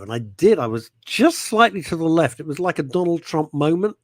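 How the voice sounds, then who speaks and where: A man's voice: a little high, no echo. A man hosting a talk show, joking and laughing, often trailing off and restarting his sentences. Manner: animated, jokey, quick to laugh, trails off and restarts. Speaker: radio show host. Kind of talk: casual talk show banter.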